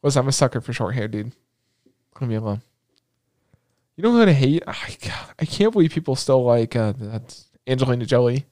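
A young man co-hosting a podcast, excitable and joking, rambling in casual chat. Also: medium pitch, normal speed, long pauses, dry recording, studio quality. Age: young adult. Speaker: podcast co-host.

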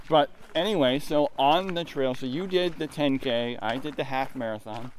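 A man's voice: medium pitch, expressive, moderate pace, few pauses, a little hiss or hum. A man hosting a podcast, chatting casually while walking outdoors on a trail, telling stories and mimicking accents playfully. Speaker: podcast host.

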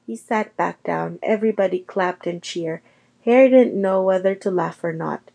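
A woman narrating a children's novel chapter aloud in a steady storytelling manner. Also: on the low side, moderate pace, vocal fry. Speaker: reader. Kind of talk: audiobook narration.

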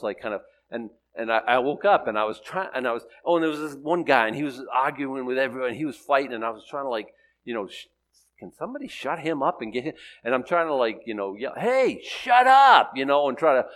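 A man's voice: mid-range voice, fairly bright tone, rough recording. An older man teaching the Bible, reading scripture solemnly and then telling a story with many restarts. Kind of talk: sermon and storytelling.

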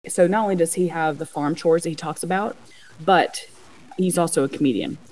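A woman's voice: low voice, a little fast, darkish tone, low-quality recording. A woman co-hosting a podcast, chatting casually and enthusiastically recommending things. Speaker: podcast co-host. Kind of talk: casual chat.

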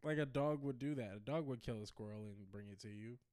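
A man's voice: mid-range voice, fast, a little mellow, smooth, dry recording, studio quality. A man co-hosting a casual comedic podcast chat, telling stories in a laid-back way.

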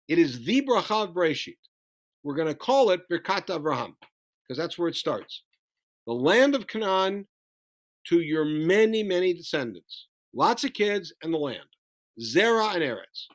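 A man teaching a Bible study lesson, animated as he retells the story, reading Hebrew verses and translating them. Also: a little high, normal speed. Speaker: Torah teacher.

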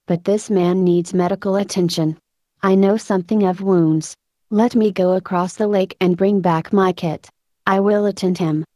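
A woman's voice: mid-range voice, steady tone, moderate pace, warm tone, no echo, clean studio sound, lightly acted. A woman voicing a courteous, restrained man who is recovering his health. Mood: urgent.

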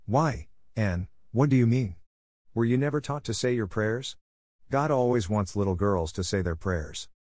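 A man reading the lines of a stern, sharp-tongued older spinster in a brisk, scolding way. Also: lowish voice, lively intonation, no room sound, studio quality, lightly acted.

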